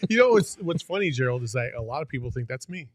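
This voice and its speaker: A man co-hosting a sports podcast, excitable, hyping the team and breaking into shouts. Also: medium pitch, fast, heavy background noise. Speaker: podcast co-host.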